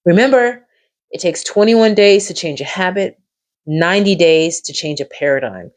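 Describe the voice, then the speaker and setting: Low-voiced woman coaching a live stream. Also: moderate pace. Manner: encouraging, repeats phrases, lively reactions to viewers. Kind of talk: live-stream coaching talk with chat shout-outs.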